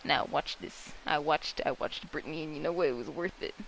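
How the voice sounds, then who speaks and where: A vlogger telling a story in a casual, rambling and dramatic way, mocking themselves and breaking into sudden high-pitched shrieks. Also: brisk, creaky, a bit bright, slight background noise, poor audio.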